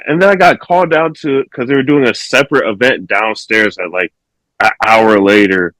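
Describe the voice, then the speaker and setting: A man's voice: mid-range voice, normal speed, a bit bright, no room sound, rough recording. Man, podcast guest, casual chat, laid-back, laughing along, dry recording. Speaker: guest, slap fighting champion.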